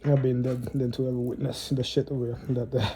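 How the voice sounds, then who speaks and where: A man rambling in a solo monologue, profane and halting, often repeating and restarting words, with low muttering and sighs. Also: flat delivery, mellow, low-quality recording.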